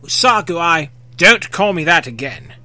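A man voicing a remorseful young man who pleads in halting, broken phrases. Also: on the high side, expressive, pushed and bright, soft background music. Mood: pleading.

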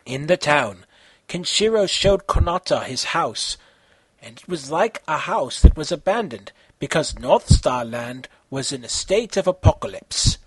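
A man reading an amateur fan story aloud in a fast, animated way. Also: on the high side, slightly rough, dry recording. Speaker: reader.

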